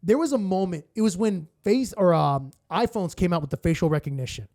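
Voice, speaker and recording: A man who co-hosts a morning radio show, a guest telling animated, profane stories and acting out quotes in casual chat. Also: high voice, fairly quick. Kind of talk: casual storytelling.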